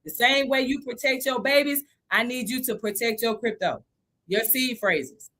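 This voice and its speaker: Woman, thirties, live stream host, chatty, slightly high voice. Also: moderate pace. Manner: animated, chatty, laughs often. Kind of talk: casual live stream teaching.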